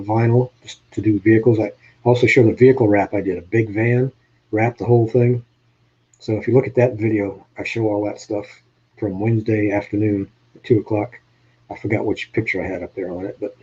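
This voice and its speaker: Low husky man with a New England accent. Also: dark tone, highs cut off. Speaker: host. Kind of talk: casual live-stream chat.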